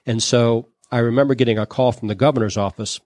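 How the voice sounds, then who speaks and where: A man from Louisiana recounts his story as an interview guest. He talks loosely and anecdotally, sprinkling in fillers. His voice sits at a middling pitch and sounds close and dry, with no room around it. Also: steady tone, fast, a little mellow, no room sound. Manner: chatty anecdotal telling with frequent "you know" and "um". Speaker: guest, solar entrepreneur.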